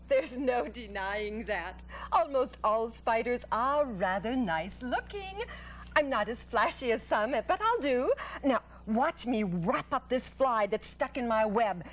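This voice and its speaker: A woman doing Charlotte, a calm wise spider. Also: high-pitched. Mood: cheerful, matter-of-fact. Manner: measured, cheerfully practical. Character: calm, wise female spider, matter-of-fact. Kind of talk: storybook read-aloud.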